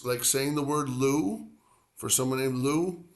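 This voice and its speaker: A man's voice: a little high, a little slow. A man teaching Spanish pronunciation, explaining at length with many fillers and drawing out the words he repeats. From grew up near the Atlantic coast. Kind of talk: language lesson.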